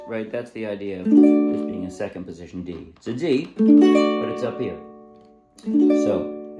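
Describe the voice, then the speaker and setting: In a casual ukulele lesson, a man with a fairly low voice explains chords and strumming patterns, singing short bits as he plays. He's relaxed and unhurried, pausing often, and sits a little far from the mic in an echoey room. The highs are cut off, and his loud ukulele playing fills the background.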